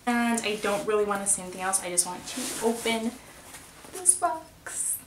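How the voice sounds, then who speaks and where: A woman's voice: medium pitch, fairly even intonation, fast. A woman beauty vlogger unboxing a gift, gushing with breathless exclamations. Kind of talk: excited unboxing vlog. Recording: roomy, distant mic with background noise.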